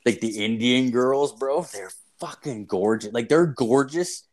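A man's voice: medium pitch, measured pace, darkish tone. A man in loose, casual conversation. He swears freely and strings his thoughts together with endless "like"s. His delivery is rambling and unpolished. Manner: crude, profane storytelling with frequent fillers. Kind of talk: casual chat.

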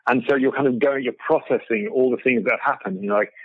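A middle-aged man telling lively stories as a guest over a remote call, laughing often and restarting his sentences. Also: medium pitch, quick pace, dry recording, narrow, tinny audio. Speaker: guest photographer. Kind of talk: casual storytelling in an interview.

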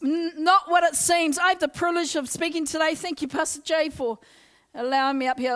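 A young woman with a very high voice preaches an energetic Pentecostal sermon to a church congregation. She is loud and excitable, leading call-and-response and urging the crowd along. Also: fairly quick. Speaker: guest preacher. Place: church service.

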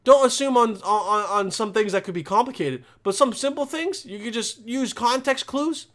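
Young guy ranting to camera, high-ish voice, swears a lot and rambles. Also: normal speed. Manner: profane, rambling, animated ranting. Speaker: vlogger. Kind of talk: casual vlog rant.

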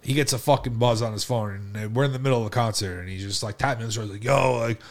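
A man with a mid-range voice tells a rowdy story on a casual podcast. He swears constantly and jumps into animated re-enactments of what everyone said. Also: mid-range voice, very fast. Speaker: podcast co-host.

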